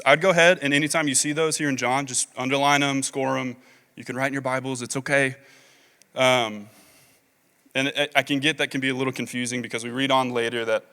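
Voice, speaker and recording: A man's voice: medium pitch, steady tone, brisk, sharp tone, clear, resonant tone. A man preaching a sermon as pastor, talking casually with many fillers and reading scripture aloud. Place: large church hall. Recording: long reverb of a large hall.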